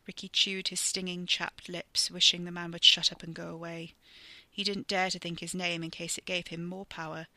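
A storyteller reading a fantasy chapter as scripted narration, vivid and steady. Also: mid-range voice, moderate pace, few pauses, dry recording.

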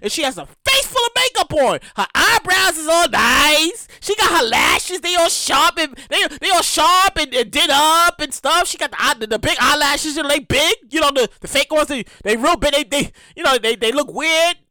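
A man hosting his own podcast in a casual solo monologue, animated and profane, often repeating himself. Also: extremely high pitch, moderate pace, hardly any pauses, dry recording. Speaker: podcast host.

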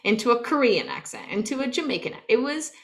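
Young woman podcast co-host, casual storyteller, lively and giggly. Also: fairly high pitch, fast. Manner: animated storyteller, laughs often. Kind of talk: casual chat.

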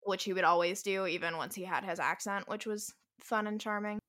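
A woman's voice: mid-range voice, steady tone, a little fast, a bit bright. A woman co-hosting a podcast from a home office, chatting casually and frankly. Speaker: podcast co-host. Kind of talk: casual chat.

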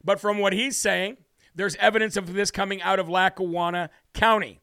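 Brash, high-voiced American man ranting. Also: fairly even intonation, moderate pace, bright, forceful tone, clear, resonant tone, no echo. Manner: brash, heated, mocking mimicry. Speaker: political talk show host. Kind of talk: opinionated political commentary.

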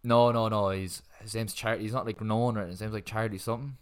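A man's voice: lowish voice, fairly even intonation, a little fast, smooth. A man in his twenties with an Irish accent, co-hosting a podcast in casual, rambling chat full of swearing and filler words. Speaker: podcast co-host.

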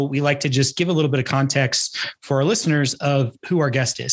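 A man hosting a podcast interview, friendly and encouraging, asking questions in a casual way. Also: medium pitch. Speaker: podcast host.

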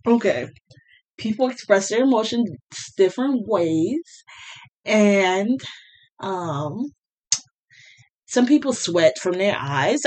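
A young woman ranting bluntly and sarcastically to camera as a vlogger. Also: mid-range voice. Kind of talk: casual rant to camera.

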